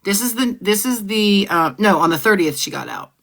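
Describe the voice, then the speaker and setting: A woman hosting a casual live stream, reading out old text messages and often clearing her throat. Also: mid-range voice, lively intonation, normal speed, fairly bright tone. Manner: conversational, often clears throat, repeats herself. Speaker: livestream host.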